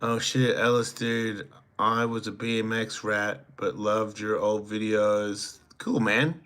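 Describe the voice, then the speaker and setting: A man's voice: fairly low pitch, level tone, slow, a bit bright. A man in his fifties with an Australian accent, hosting a casual livestream and joking crudely while reading viewer comments aloud. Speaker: host reading live chat.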